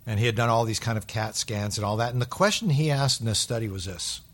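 Man preaching with loud and hushed swings. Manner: swings from loud emphatic bursts to hushed low asides. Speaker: pastor. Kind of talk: sermon.

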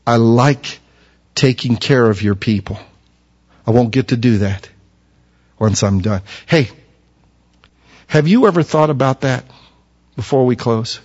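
A man's voice: medium pitch, measured pace, long pauses, a little mellow. A man preaching a sermon, reading scripture aloud and building to fervent emphasis. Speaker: pastor. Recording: dull lo-fi recording.

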